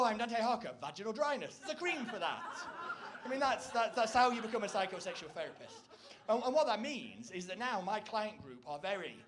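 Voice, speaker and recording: A man performing a rambling, self-deprecating stand-up comedy set on stage, breaking into loud, shrill impressions. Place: stage before a live audience.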